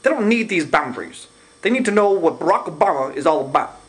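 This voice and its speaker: A man's voice: on the high side, expressive, fast talker, voice pushed up, lightly acted. A man putting on a mocking impression of a grandstanding male politician giving a preachy speech.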